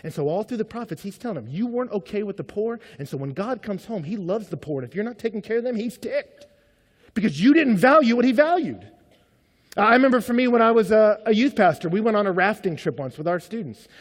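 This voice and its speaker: A pastor preaching a sermon as a man, telling stories with energy and dropping from loud to hushed. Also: high-pitched, fast, few pauses, in a large hall. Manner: animated storytelling, swings between loud and hushed.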